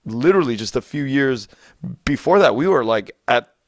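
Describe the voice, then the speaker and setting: Brief: male podcast host, hesitant, mid-pitched, recorded dry and close. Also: expressive, no room sound. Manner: halting, restarts often while framing questions. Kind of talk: conversational interview.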